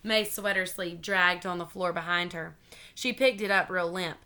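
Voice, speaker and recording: A woman reading a children's chapter book aloud in an expressive, animated way. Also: on the low side, moderate pace. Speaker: storybook reader.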